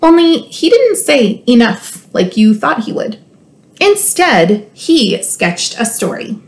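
A woman school librarian reading a children's storybook aloud, expressive and playful, with teasing asides to her listeners. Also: fairly high pitch, slow pace.

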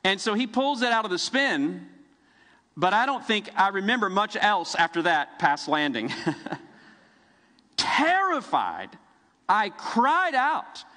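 A middle-aged man preaching a sermon, telling the story vividly with dramatic pauses. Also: high voice, sing-song, sharp tone, in a large hall. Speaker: pastor. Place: church sanctuary.

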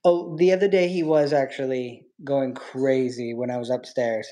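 A woman's voice: a bass voice, fairly even intonation, normal speed, mellow. A woman hosting a casual livestream, chatting with viewers and cooing baby talk to her pet bird.

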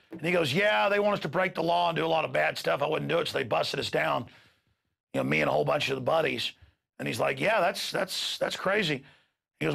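A man's voice: a little high, vocal fry, sharp tone, breathy edge. A man hosting a talk show, giving an impassioned, ranting monologue and acting out quoted exchanges.

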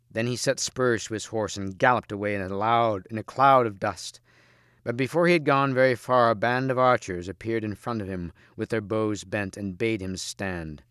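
A man, a teacher, reading a storybook aloud in steady, measured audiobook narration. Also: fairly low pitch, clean tone, no echo, clean studio sound.

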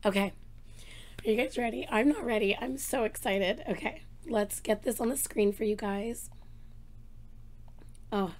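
A woman hosting a reaction vlog, chatting excitedly with a hoarse voice she is losing, talking into a desk microphone with many fillers. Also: a little high, a little hiss or hum. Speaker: reaction channel host. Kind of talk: casual chat to camera.

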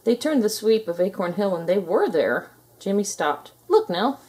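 A woman reading a children's picture book aloud in a calm, steady storytelling manner. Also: mid-range voice, normal speed, background noise. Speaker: storybook reader.

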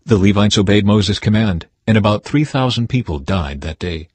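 Husky man reading scripture. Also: deep voice, normal speed, no room sound. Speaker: Bible reader.

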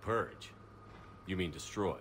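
A man's voice: low voice, takes it slowly, noisy background. An actor voicing a male military commander in a video game, asking terse, direct questions. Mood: curt.

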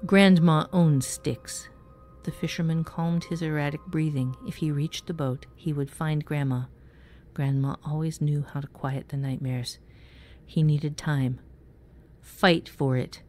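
A woman narrating a dark fantasy story in a measured, even way. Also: deep voice, faint music behind. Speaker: story reader. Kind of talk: scripted narration.

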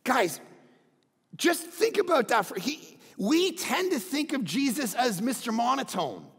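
A middle-aged man preaching a sermon as pastor, often breaking into shouts. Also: very high voice, very animated, measured pace, breathy edge, in a large hall.

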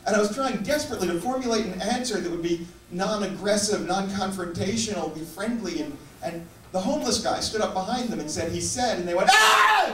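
A man performing stand-up storytelling on a theater stage, wry and measured. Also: high-pitched. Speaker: stand-up comedian. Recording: echoey live theater from far off, loud noise.

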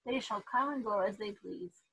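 A woman reading as a proud boy emperor, formal and commanding, bright husky voice. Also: medium pitch, moderate pace, heavily acted, poor audio. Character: young boy emperor, sulky then commanding.

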